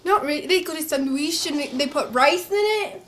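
A woman's voice: high-pitched, expressive, moderate pace, a bit bright. A young woman chatting casually and giggling as she films a home vlog on a handheld camera. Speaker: vlogger. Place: home kitchen and living room.

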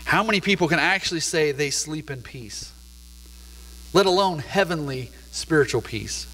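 A man's voice: fairly high pitch, lively intonation, normal speed, bright, forceful tone. A middle-aged man, a pastor, preaching a sermon in a laid-back, conversational storytelling way in a church. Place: church sanctuary. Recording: long hall reverb.

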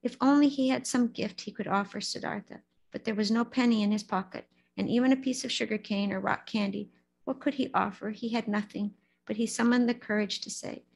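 Husky-voiced woman reading a story. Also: a little high, fairly quick, rough recording. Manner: steady storytelling with occasional restarts on names. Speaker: lay speaker at a Buddhist service.

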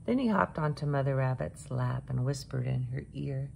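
Lady reading a kids' book, gentle storyteller, low n gravelly. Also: moderate pace, hardly any pauses, a little hiss or hum. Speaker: children's book reader. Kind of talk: reading a picture book aloud.

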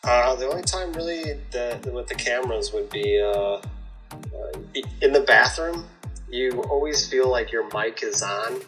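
A man's voice: medium pitch, unhurried, over music, low-quality recording. A man answering interview questions in a casual, rambling way, laughing between stories. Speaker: reality show guest.

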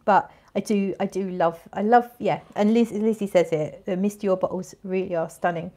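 A woman in her forties hosts a casual fragrance livestream, reading viewer comments and chatting in a bubbly, rambling way with frequent restarts and laughs. Her mid-range, dark-toned voice has fairly even intonation and a moderate pace.

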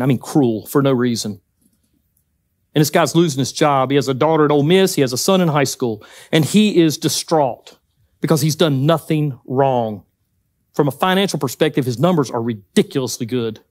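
High-voiced Southern preacher, folksy and emphatic. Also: male voice, a little mellow, no room sound. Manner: folksy, emphatic, joking asides. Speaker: guest speaker at church. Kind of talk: conversational sermon. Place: church hall.

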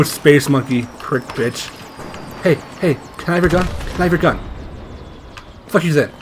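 A man's voice: sits high, noisy background. A young man giving casual, profane commentary while playing a shooter, yelping and laughing as he goes. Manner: excitable, profane, yelps and laughs. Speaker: gamer.

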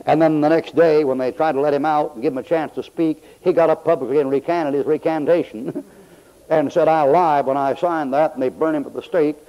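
A man's voice: on the high side, steady tone, brisk, dark tone. An older man preaching a sermon in a folksy, storytelling way. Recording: dull lo-fi old tape.

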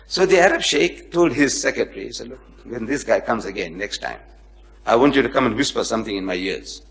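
A comparative religion lecturer with a medium-pitched voice, vocal fry, and a brisk delivery speaks to a live audience. He animatedly acts out the people in his anecdotes and both jokes with and chides those listening.

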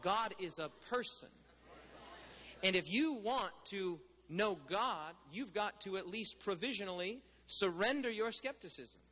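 High, bright-voiced preacher man in a hall. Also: animated, measured pace. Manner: conversational preaching, asks the crowd questions. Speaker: pastor. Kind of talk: sermon.

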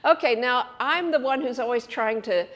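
Animated woman telling lecture stories. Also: a little high, moderate pace, dull audio. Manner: animated storytelling with laughs and loud acted quotes. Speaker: conference speaker. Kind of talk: storytelling lecture.

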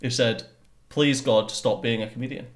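A man's voice: mid-range voice, steady tone, moderate pace. Teasing Scottish man in a roomy space. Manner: teasing, dry jokes. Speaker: reaction channel co-host. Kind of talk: casual chat.

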